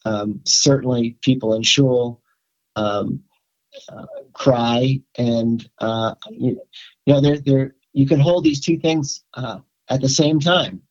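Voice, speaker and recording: An older man, a rabbi, talking in a casual interview with many pauses, fillers and restarts. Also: mid-range voice, a little mellow, muffled recording. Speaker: rabbi, podcast guest.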